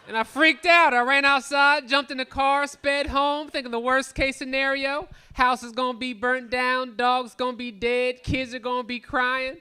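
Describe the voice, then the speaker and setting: A man in his thirties doing profane, animated stand-up comedy on a club stage, bantering with the crowd. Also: very high-pitched, normal speed, few pauses, smooth. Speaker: stand-up comic.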